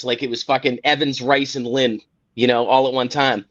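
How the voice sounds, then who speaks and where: A man's voice: mid-range voice, flat delivery, moderate pace, a bit bright. A man hosting a sports podcast, ranting in a heated, profane, exasperated way. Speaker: podcast host. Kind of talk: casual sports rant. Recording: dull lo-fi podcast audio.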